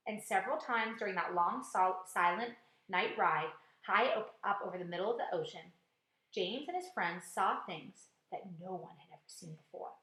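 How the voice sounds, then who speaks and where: A woman, a teacher, reading a storybook aloud in an expressive, dramatic way with hushed quiet passages. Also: medium pitch. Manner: expressive, dramatic, drops to a hush for quiet scenes. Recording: echoey room.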